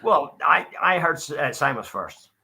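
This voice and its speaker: A man asking quiz questions in casual chat, halting, with many fillers. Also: a little high, big pitch swings, sharp tone, a little hiss or hum. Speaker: quiz master.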